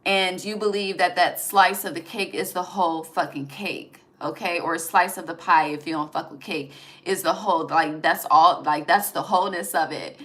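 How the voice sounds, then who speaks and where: A woman's voice: fairly low pitch, normal speed, fairly bright tone. A young woman giving a casual tarot reading, chatty and profane, often laughing and trailing off mid-thought. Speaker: tarot reader.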